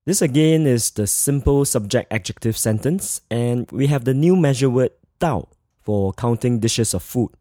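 A man giving a scripted Mandarin grammar lesson, speaking in a measured way and slowly repeating model phrases. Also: medium pitch, mellow, dry recording, studio quality. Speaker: Mandarin teacher.

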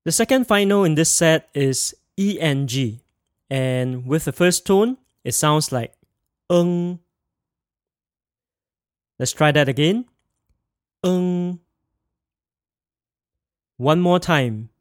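A man teaching a pronunciation lesson, modelling each sound slowly and carefully and asking the listener to repeat it. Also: fairly high pitch, animated, dry recording, studio quality. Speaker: language teacher.

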